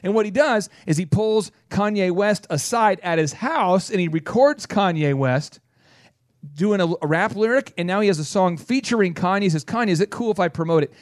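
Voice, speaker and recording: A man with a bright, fairly high voice hosts a business radio show and tells a long story at full tilt. He acts out what people said in quick bursts. His voice sounds close and dry in the studio. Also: animated, no room sound.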